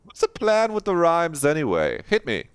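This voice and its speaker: A man's voice: a little high, huge pitch swings, moderate pace, clean tone, no room sound. A man streaming a video game, chatting playfully in a rambling, mock-dramatic way and swearing now and then. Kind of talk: casual live-stream commentary.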